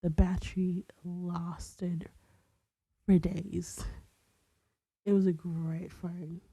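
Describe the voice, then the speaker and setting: A young woman co-hosts a casual podcast, speaking slowly with a husky, very dark, mellow tone. She rambles while searching her memory, often slipping into breathy half-whispered asides. The sound is dry and close. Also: on the low side, level tone, dry recording, low-quality recording. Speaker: podcast co-host. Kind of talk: casual chat.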